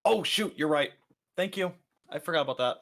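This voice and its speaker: A player in a tabletop game, talking about rules in a relaxed way. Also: mid-range voice, a little fast. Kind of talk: casual tabletop play.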